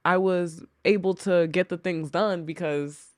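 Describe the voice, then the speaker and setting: A woman's voice: on the low side, steady tone, measured pace, darkish tone, dry recording, clean studio sound. Earnest woman telling a personal story. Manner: earnest, reflective, acts out her own past thoughts. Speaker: podcast guest, co-host wife. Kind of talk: candid conversational storytelling.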